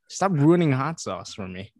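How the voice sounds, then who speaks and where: A man's voice: medium pitch, a little hiss or hum. A man co-hosting a casual podcast, swearing and laughing as he jokes with friends. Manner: animated, swearing, laughs, mock-mimics voices. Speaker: podcast co-host. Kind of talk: casual chat.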